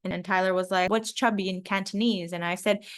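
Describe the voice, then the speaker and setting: A young woman from Macau co-hosting a podcast, telling quick, animated stories in casual chat. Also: mid-range voice. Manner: animated, quick storytelling with laughs. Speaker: podcast co-host.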